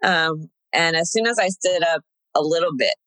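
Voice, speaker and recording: A young woman recounts a personal story in a relaxed, rambling way, full of fillers and little laughs. Her voice is bright, and the recording is dry and close, with no room sound. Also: sits low, moderate pace, no echo, low-quality recording. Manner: chatty, many fillers, laughs while telling. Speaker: guest sharing a birth story. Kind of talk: casual conversational storytelling.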